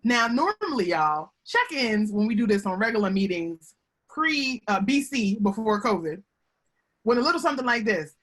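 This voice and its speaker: A woman giving a lively, chatty webinar talk over a video call from home, often calling her audience y'all. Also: a little high, normal speed. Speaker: guest speaker on workplace relationships.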